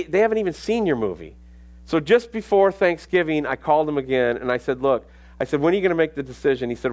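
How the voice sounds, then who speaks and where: A middle-aged man preaching a sermon, telling a personal story and building to emphatic, repetitive exhortation. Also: medium pitch. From Minneapolis. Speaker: pastor.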